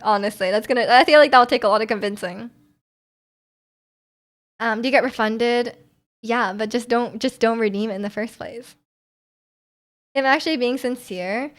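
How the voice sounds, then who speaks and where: High-voiced young woman, chatty streamer. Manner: chatty, rambling, frequent ums and restarts. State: slightly sore voice. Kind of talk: casual chat reading viewer comments.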